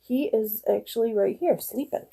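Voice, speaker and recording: A woman in her forties from northern Michigan hosts a live stream from home, chatting with viewers in a rambling way and laughing often. Her voice is a little high and warm with vocal fry, at a moderate pace, over slight hiss or hum.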